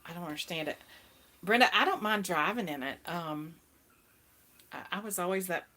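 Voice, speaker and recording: A woman's voice: fairly low pitch, animated, moderate pace. A middle-aged woman hosting a casual live-stream chat, talking with viewers and laughing often. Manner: chatty, laughs often, greets viewers brightly. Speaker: host.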